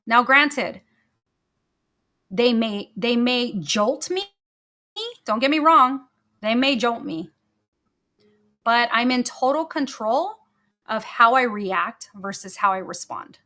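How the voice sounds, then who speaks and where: Female podcast host, solo motivational talk; bright, forceful voice, fairly high, emphatic and repetitive. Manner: energetic, emphatic, repeats key phrases.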